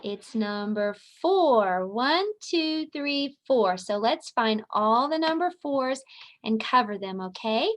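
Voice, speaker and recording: Preschool teacher lady doing circle time, slow and sing-songy, kinda high voice. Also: animated. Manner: slow, sing-song, encouraging talk to small children. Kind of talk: virtual circle time lesson for young children.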